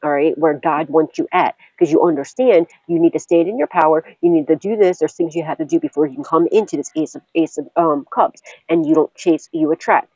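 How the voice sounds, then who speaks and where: A young adult woman, a tarot reader, chatting casually: loud, laughing often and swearing freely. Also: sits low, a little fast, few pauses, husky, no echo, lo-fi sound. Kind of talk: casual storytelling and tarot reading.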